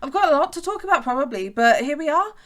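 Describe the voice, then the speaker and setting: A woman's voice: high voice, lively intonation, quick pace, a bit bright. A woman in her twenties from the West Midlands of England with a fairly posh English accent, chatting casually and rambling with lots of ums while narrating her gameplay. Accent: English, fairly posh southern-leaning. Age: 20s. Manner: rambling, frequent ums and restarts, chatty asides. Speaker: gaming YouTuber. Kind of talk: casual chat over gameplay.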